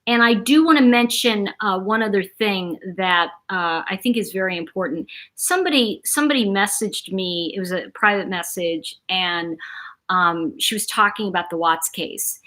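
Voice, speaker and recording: A woman's voice: medium pitch, a little slow, pushed and bright. A middle-aged woman hosting a casual livestream, talking in a rambling, chatty way and greeting viewers by name. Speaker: livestream host.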